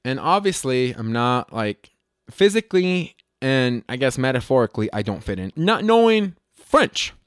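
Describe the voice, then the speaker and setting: A man casually telling a funny story, animated and self-mocking, swearing freely and often restarting his sentences. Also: medium pitch, moderate pace, smooth, no room sound, studio quality.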